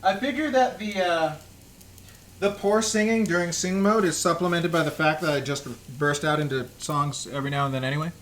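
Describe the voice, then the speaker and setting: Playful high-voiced man chatting while baking. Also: a bit bright. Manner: playful, chatty, hums little tunes to himself. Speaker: live-stream baking host. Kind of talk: casual live-stream chat while cooking. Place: home kitchen.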